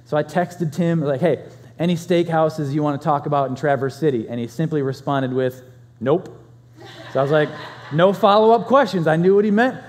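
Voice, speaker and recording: A man's voice: a little high, fairly quick. Man preaching a sermon in a reverberant hall. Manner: conversational storytelling, animated swings in loudness. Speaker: pastor.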